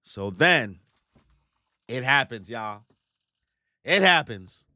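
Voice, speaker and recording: Lively, bright-voiced man joking through a reaction. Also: medium pitch, drawn-out words, no room sound, clean studio sound. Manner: joking, animated, slangy, acts out characters in put-on voices. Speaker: manga reaction streamer. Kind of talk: excited live reaction commentary.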